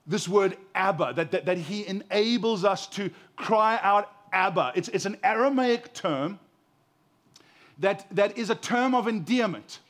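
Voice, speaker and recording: Impassioned man preaching, raised pitch. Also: animated, measured pace. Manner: impassioned, swinging from loud emphasis to hushed tenderness; repeats words when building a point. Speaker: pastor. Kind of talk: sermon.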